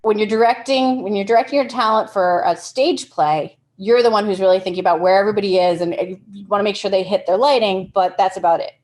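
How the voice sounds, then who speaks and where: Speaking fast at a medium pitch with hardly any pauses and a slightly mellow tone, a woman who teaches film directing gives a casual workshop talk on directing actors. She explains through everyday examples and frequently restarts her sentences.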